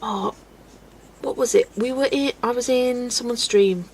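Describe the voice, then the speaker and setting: A woman hosting a relaxed livestream, chatting and laughing with viewers as she greets them by name. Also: on the high side, unhurried, vocal fry, a little hiss or hum. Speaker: livestream host. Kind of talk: chatty livestream while colouring, reading chat.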